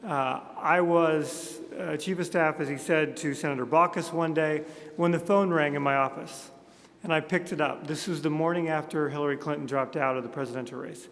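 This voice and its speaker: A man's voice: a little high, steady tone, moderate pace, fairly bright tone. Man telling jokes in an echoey hall. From Montana. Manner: self-deprecating storyteller, jokey asides. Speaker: speaker at a conference. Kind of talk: humorous keynote speech. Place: large conference hall. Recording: echoey hall with long reverb.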